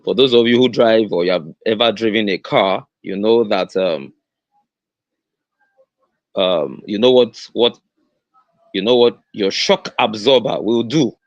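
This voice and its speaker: Earnest Nigerian-accented male host, unhurried delivery, repeats his points, dry recording. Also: lowish voice, no room sound, lo-fi sound. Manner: repeats key phrases, stressing them slowly; earnest, with many fillers and restarts. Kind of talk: motivational livestream talk.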